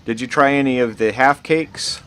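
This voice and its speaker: A man's voice: medium pitch, normal speed, lightly acted. A man voicing a polite elven woman. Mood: welcoming. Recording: noisy online voice chat.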